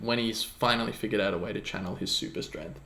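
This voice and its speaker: A man's voice: on the low side, quick pace, creaky, a bit bright. A man co-hosting a podcast, talking casually about a film, swearing freely and acting out lines from it. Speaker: podcast co-host. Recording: roomy echo.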